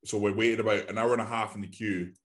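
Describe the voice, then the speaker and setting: A podcast co-host from Glasgow, Scotland, with a Glaswegian accent, rambles through a story in casual chat, swearing freely and slipping into the voices of the people involved. His voice sits fairly low, steady in tone, at a quick pace.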